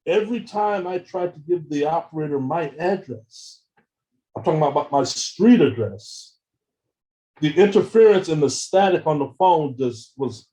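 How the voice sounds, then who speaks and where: At a seminar, a man tells his story with slides and animated energy, acting out both sides of phone calls. His voice is mellow, warm, and on the high side, though he often stumbles over and repeats words. The recording quality is low.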